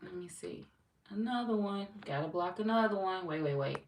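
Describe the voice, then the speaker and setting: A young woman hosting a tarot livestream, reading viewer comments aloud and chatting in a relaxed, teasing way with lots of slang and laughter. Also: fairly low pitch, normal speed, recorded from a distance. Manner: laid-back, teasing, laughs often, slangy. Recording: roomy echo, off-mic, faint noise.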